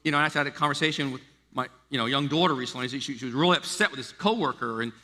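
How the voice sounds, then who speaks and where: A middle-aged man from the United States preaching a sermon as a pastor, animated and stammering through restarts as he acts out quoted voices. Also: mid-range voice, racing. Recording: long reverb of a large hall.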